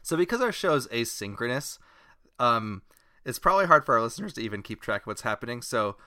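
A man's voice: medium pitch, big pitch swings, fairly quick, sharp tone, no echo, studio quality. A young man co-hosting a comedy podcast, chatting in an easygoing, wry way. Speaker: podcast co-host. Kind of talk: casual comedic chat.

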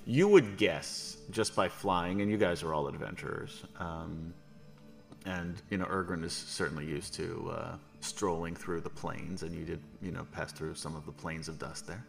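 A man with a low, gravelly voice runs a tabletop game as game master. He rambles, jokes and fills his pauses, with soft music behind him. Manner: rambling, many fillers, joking.

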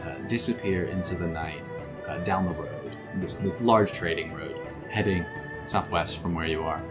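Man, game master, laid-back, hesitant, low voice, faint music. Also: fairly even intonation, moderate pace. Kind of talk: narrating a tabletop game.

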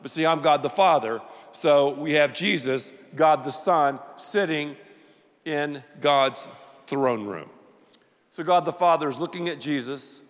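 Animated high-pitched male preacher in a big hall. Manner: animated, playful preaching with audience call-and-response. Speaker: pastor. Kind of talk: sermon. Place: large church auditorium.

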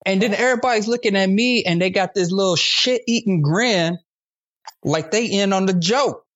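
A man in a podcast conversation, spinning an animated comic story full of slang and swearing. His voice sits a bit high for a man, and the recording sounds dull and lo-fi. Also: normal speed. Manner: loose, slangy, profane. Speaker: guest comedian.

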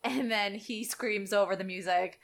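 A young woman, telling a dating story in casual chat and acting out the quotes with big jumps in pitch. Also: moderate pace, creaky.

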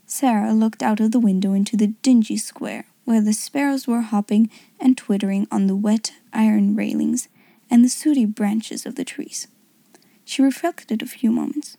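A woman narrating a classic story in a soft, hushed, unhurried whisper. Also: a little high, gravelly, dry recording.

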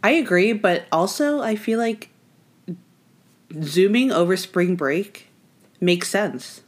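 A young woman co-hosting a podcast in casual chat, relaxed and agreeable, laughing easily. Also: medium pitch, slow pace. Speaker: podcast co-host.

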